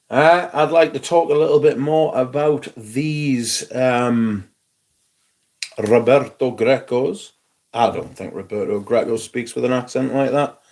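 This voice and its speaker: A man's voice: medium pitch, darkish tone. A man hosting a casual live stream, chatting wryly and greeting viewers by name. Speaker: livestream host.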